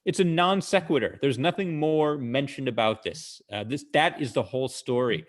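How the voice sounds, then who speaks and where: A man's voice: medium pitch, moderate pace. A male comedian casually telling jokes and stories over a video call, with frequent fillers, stopping to explain his punchlines.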